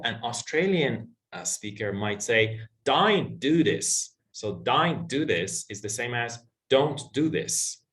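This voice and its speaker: A man's voice: mid-range voice, fairly bright tone. A man from Iran, an English teacher, patiently answering a student's question in an online class, with many fillers. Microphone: video call.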